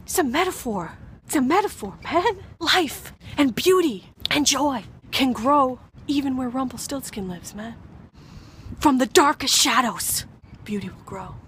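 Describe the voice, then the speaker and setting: Young woman, somewhat high voice, rambling and profane, outdoor vlog, faint background noise. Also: expressive, a little slow. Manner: profane, rambling, swings from shouting to whispering. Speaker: vlogger. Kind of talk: rambling comedic vlog monologue. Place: outdoors at a baseball field in the rain.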